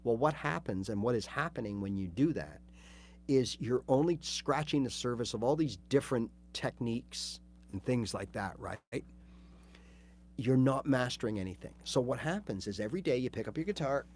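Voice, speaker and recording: Man, guitar teacher, casual livestream lesson, chatty, animated, middle pitch. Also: normal speed. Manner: chatty, animated, acts out little scenes.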